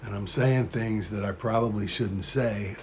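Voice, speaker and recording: A man's voice: lowish voice, unhurried, a little mellow, slight background noise. A man hosting a live stream, rambling in a profane, conspiratorial monologue to his chat.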